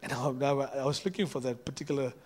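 A man, a pastor preaching a sermon in church. He moves from quiet storytelling to fervent preaching and often repeats or restarts his words. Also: mid-range voice, steady tone, fast.

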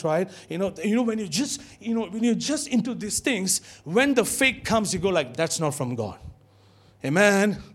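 A man preaching a sermon in a church, animated and calling out to his congregation. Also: high-pitched, husky. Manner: animated, call-and-response with congregation.

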